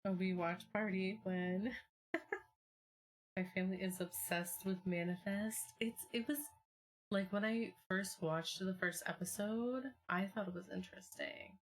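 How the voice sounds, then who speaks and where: A young woman streaming from home, chatting casually with her viewers in a rambling, filler-heavy way with excitable bursts. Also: medium pitch, a little slow, a little hiss or hum.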